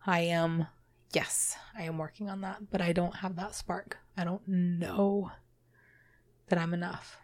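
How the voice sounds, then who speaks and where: A woman co-hosting a podcast, talking in a halting, self-doubting way and swearing casually. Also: on the low side, little pitch movement, a little mellow. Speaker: podcast co-host. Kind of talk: candid conversational podcast talk.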